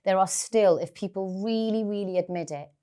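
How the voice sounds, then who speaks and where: A woman's voice: mid-range voice, normal speed, dark tone, smooth. A middle-aged woman with a Geordie accent, a guest chatting candidly in an interview and telling stories full of "like" fillers. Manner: chatty storytelling, many "like" fillers. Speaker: guest actress.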